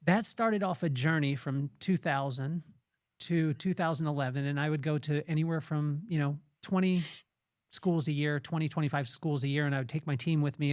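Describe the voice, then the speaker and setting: A man's voice: fairly high pitch, no room sound, clean studio sound. A man hosting a podcast, telling a rambling personal story with many restarts. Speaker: podcast host. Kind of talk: casual interview chat.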